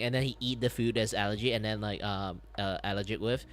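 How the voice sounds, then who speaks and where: A man chatting casually on a live stream while he draws. He rambles, sounds dizzy and disoriented, and breaks into sudden loud outbursts, swearing and laughter. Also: lowish voice, fairly even intonation, fast talker. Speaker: art streamer.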